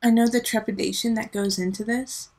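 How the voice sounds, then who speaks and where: Casting note: woman in her thirties, tarot reader, gravelly fry, chatty and heartfelt. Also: a little high, steady tone, a little fast, darkish tone, rough recording. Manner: chatty, emotional, talks straight to viewers. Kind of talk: casual monthly tarot reading.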